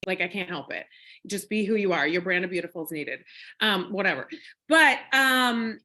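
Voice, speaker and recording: A woman's voice: mid-range voice, animated, moderate pace, bright, forceful tone. A woman in her forties from Minnesota with a Minnesotan accent, telling her story in a bubbly, chatty way with many fillers and giggles. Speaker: guest speaker. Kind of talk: casual storytelling on a team call.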